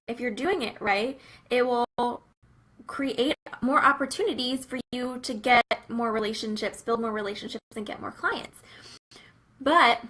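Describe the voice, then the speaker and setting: Bright, earnest young woman talking faith. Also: sits high, low-quality recording. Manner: earnest and conversational, many fillers like "um" and "like". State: briefly teary-eyed. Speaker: Christian business coach. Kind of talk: casual faith and business talk.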